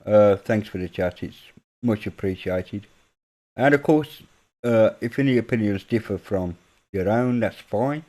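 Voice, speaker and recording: A man's voice: on the low side, measured pace, mellow. A man with a northern English accent, rambling through a casual late-night livestream chat with viewers in British slang. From northern England. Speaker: livestream host.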